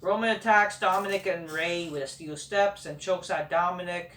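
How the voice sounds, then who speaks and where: A man's voice: high voice, fairly even intonation, moderate pace, fairly bright tone. A man hosting a casual review show, ranting in a sarcastic, profane, dismissive way. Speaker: host. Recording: roomy echo, far from the mic.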